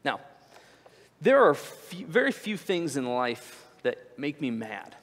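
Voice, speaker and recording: Man, pastor, 30s, sermon storytelling, animated, slightly high voice, long church-hall reverb. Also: takes it slowly. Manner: animated storytelling, rising when excited, dropping low to reflect.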